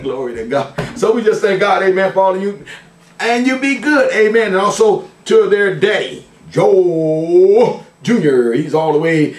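A man's voice: high voice, expressive, unhurried. An older man, a pastor, greeting his family and viewers in a playful, folksy way, peppering his talk with "glory to God" and "amen". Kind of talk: church service shout-outs. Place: church sanctuary. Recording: echoey church sound from a distance.

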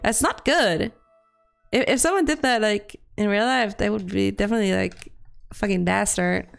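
A woman streaming a game and chatting casually with friends, giggly and playful, often breaking into squeaky silly voices. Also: normal speed, gravelly, soft background music. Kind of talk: casual gameplay chat with friends.

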